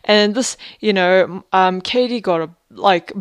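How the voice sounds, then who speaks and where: Young woman, 20s, casual vlogger, smooth clear voice, rambling and profane. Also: mid-range voice, measured pace, no echo. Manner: rambling, profane storytelling full of fillers. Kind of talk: casual video diary.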